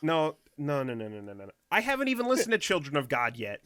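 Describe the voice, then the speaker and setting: A man's voice: fairly high pitch, huge pitch swings, fast, fairly bright tone, no echo. A man co-hosting a casual music podcast, playful, laughing mid-sentence and repeating words. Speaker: podcast co-host. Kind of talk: casual chat.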